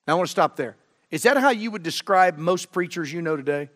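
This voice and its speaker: A middle-aged man delivers a sermon from a church pulpit, his fairly high voice ringing with long reverb. He preaches with fervor, hammering some phrases loudly and dropping others to a low, earnest hush. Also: lively intonation, fairly quick. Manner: fervent, swings from loud emphasis to low earnest tones. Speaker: guest preacher. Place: church sanctuary.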